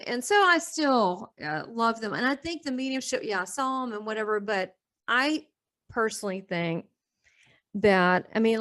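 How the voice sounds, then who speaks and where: A woman's voice: medium pitch, fairly bright tone. A middle-aged woman, a guest in an interview, telling her story candidly and rambling through restarts with a laugh now and then. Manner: rambling, restarts often, laughs between thoughts.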